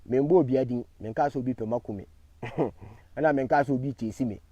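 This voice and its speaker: A man with a Ghanaian accent, giving a defiant live-stream talk, swinging from loud declarations to low murmured thanks to viewers. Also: quick pace, dry recording, highs cut off. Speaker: online commentator.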